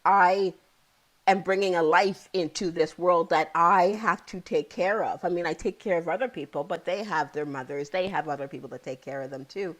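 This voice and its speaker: A woman's voice: fairly low pitch, moderate pace, low-quality recording. A woman in her thirties or forties, a psychotherapist guest, telling her own story candidly and with feeling, often repeating key phrases. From Ontario, Canada.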